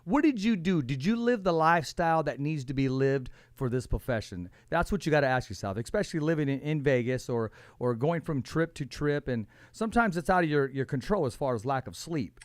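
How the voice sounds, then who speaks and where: A man hosting a casual interview, chatty and quick to joke. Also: on the high side, animated, no echo, studio quality. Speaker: interview host.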